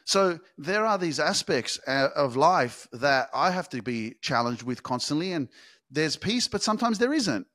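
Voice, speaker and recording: Man, high voice, motivational monologue, intense, swears a lot, hushed to shouting. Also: very animated, normal speed. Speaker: motivational podcast host.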